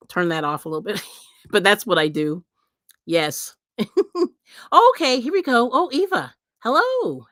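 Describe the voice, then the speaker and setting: A woman's voice: lowish voice, a bit bright, no echo, clean studio sound. A woman hosting a livestream, chatting casually with viewers, rambling with many fillers and frequent laughs. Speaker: livestream host.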